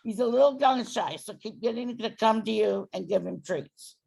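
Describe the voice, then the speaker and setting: A woman's voice: on the high side, moderate pace, vocal fry, darkish tone. A woman dog trainer giving a client patient, step-by-step instructions. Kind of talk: coaching a client through training.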